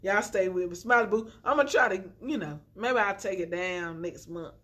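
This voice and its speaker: Sitting on the floor at home, a young woman talks to camera on a tripod-mounted phone lit by a ring light, her mid-range voice fairly bright and her speed normal. An inspirational vlogger, she chats and preaches encouragement at her viewers, dropping "y'all" constantly.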